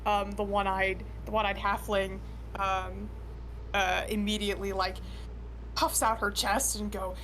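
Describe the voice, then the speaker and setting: A woman's voice: mid-range voice, little pitch movement, a little slow, fairly bright tone. Woman, hesitant narration, distant from mic, faint background noise. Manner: hesitant, many fillers. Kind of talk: narrating a tabletop game.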